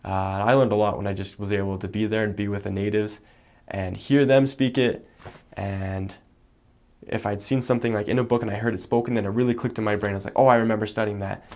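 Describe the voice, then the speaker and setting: A young man from the United States, a returned missionary, explaining a language in a relaxed way with many fillers. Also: fairly low pitch, fast. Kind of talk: casual explanation.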